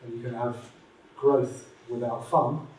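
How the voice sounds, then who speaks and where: A man's voice: mid-range voice, steady tone, unhurried, darkish tone. Chatty man in an echoey room. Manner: chatty, laughs while telling a joke. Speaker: speaker at conference. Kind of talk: informal chat and joke-telling. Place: university conference room. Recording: roomy, distant, faint noise.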